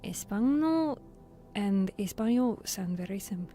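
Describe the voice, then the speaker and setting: A woman with a gentle Southern US lilt does ASMR whispering while chatting with her stream, her voice dark and mellow and slightly low. She drifts between soft whispers and teasing banter at an unhurried, drawn-out pace. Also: faint music behind.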